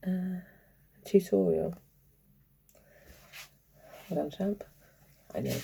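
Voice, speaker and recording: A woman vlogger in a rambling casual monologue, chuckling often and bickering with herself, with a gravelly voice. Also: fairly low pitch, dark tone, slight background noise.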